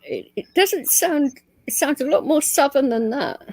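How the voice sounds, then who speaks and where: A woman with a high, bouncing voice chats casually as host, teasing, swearing freely and laughing a lot. She is recorded close and dry, with no room sound around her. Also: animated, moderate pace, darkish tone, no echo. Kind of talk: casual chat.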